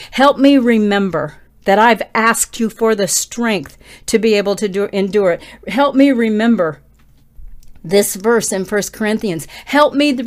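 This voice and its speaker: Woman preacher, middle-aged, fervent pleading prayer that builds to near-yelling. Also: fairly high pitch. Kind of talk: passionate prayer and sermon.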